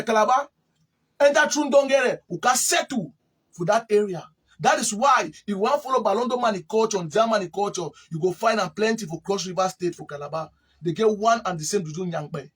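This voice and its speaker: A man's voice: high voice, slightly rough. A man from Cameroon with a Cameroonian Pidgin English accent, giving a rambling spoken account of history and repeating words as he searches for them. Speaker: interviewee.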